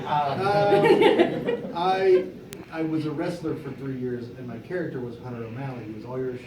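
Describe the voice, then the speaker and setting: Animated, laughing man telling stories. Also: fairly high pitch. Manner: animated storyteller, laughing often. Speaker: panel moderator. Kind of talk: casual anecdote at a fan convention panel. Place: convention panel room. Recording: echoey room, distant mic, background noise.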